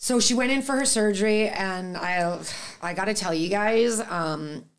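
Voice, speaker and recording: A woman guest telling an emotional personal story in an animated way, acting out the voices of people in it and laughing often. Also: mid-range voice, measured pace, clean tone. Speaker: podcast guest.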